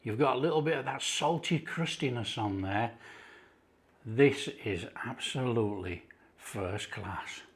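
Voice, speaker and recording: A middle-aged man with a Yorkshire accent hosting a casual cooking video, enthusiastic and unhurried, praising the food as he goes. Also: medium pitch. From Yorkshire, England. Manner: enthusiastic, unhurried, calls things superb. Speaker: cooking channel host.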